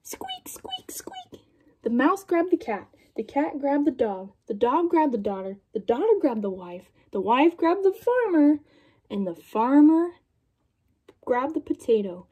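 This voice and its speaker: A young woman reading a picture book aloud to children, in an animated storytelling manner and asking her young listeners questions. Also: high-pitched, unhurried, slightly rough.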